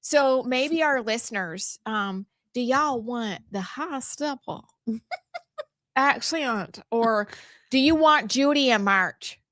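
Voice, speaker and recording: A woman's voice: fairly high pitch, lively intonation, fairly bright tone, no room sound. A woman co-hosting a talk show, with playful, bubbly banter. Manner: bubbly, playful, quick to laugh. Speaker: radio show co-host. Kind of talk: casual morning-show banter.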